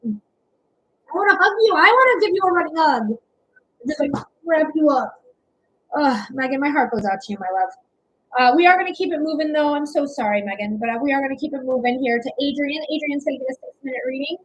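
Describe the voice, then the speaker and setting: Brief: young woman, high voice, chatty livestream reader, affectionate, lots of "okay?" and "um". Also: quick pace, a little hiss or hum, rough recording. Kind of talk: casual livestream chat, reading comments.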